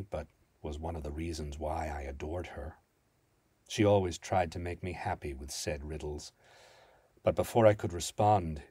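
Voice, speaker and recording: Deep, husky man reading a dark tale. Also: no echo. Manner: grave, theatrical first-person telling. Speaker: narrator. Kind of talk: dramatic story reading.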